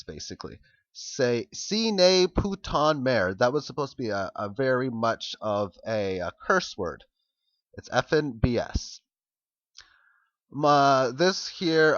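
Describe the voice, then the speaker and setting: A man's voice: mid-range voice, no echo. Rambling man on a dull lo-fi recording. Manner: rambling, halting, unsure with foreign words. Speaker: video blogger. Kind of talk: casual screen walkthrough commentary.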